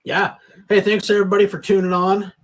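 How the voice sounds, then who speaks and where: A man's voice: high-pitched, fairly quick. A man hosting a casual podcast and closing out the episode in an easygoing, filler-heavy way. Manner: relaxed, easygoing sign-off with fillers. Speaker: podcast host. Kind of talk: casual chat.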